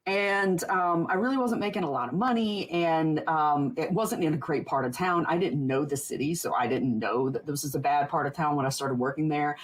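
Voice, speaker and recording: Low, husky woman telling stories. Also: moderate pace, few pauses. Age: 40s. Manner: rambling, laughs often, many restarts. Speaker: podcast guest. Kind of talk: casual interview storytelling.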